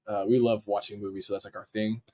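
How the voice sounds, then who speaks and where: A man, a podcast guest, telling a story in casual slang and acting out his own excited reactions. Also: lowish voice, fast talker. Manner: animated, acts out his own reactions in quotes; casual slang, frequent "like" fillers. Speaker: podcast guest, dancer and video editor.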